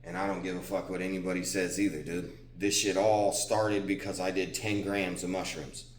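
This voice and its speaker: A young man talks casually and profanely, rambling through a personal confession and dropping "dude" into almost every line. His voice sits on the low side. The sound is roomy, with the echo of a gym. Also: flat delivery, normal speed. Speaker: fitness vlogger. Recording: echoey gym room.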